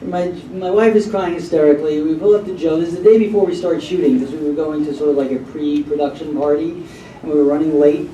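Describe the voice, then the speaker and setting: Animated man telling stories in a hall. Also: a little high, fast talker, muffled recording. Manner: animated, rambling, with many fillers. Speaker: actor telling anecdotes on a panel. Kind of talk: casual storytelling to an audience. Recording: echoey hall from far off, faint noise.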